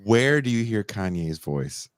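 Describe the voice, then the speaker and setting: A male podcast host, joking and animated in casual conversation with guests. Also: lowish voice, a little slow, dry recording.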